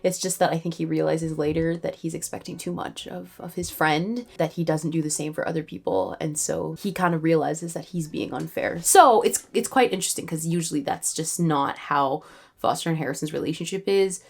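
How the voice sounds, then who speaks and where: A woman's voice: low-pitched, fairly even intonation, brisk, vocal fry. A young woman in her twenties from Canada, talking through her writing day in a chatty vlog with many fillers and light laughs. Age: 20s. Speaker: writing vlogger. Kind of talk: casual vlog narration.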